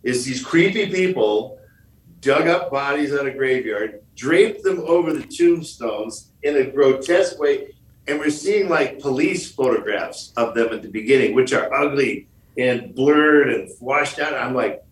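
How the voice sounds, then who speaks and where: A man's voice: mid-range voice, expressive, a little slow, echoey room, far from the mic, a little hiss or hum, low-quality recording. A man from Michigan, a guest on a podcast interview, telling stories in a jokey way and acting out the lines he quotes. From Michigan, USA.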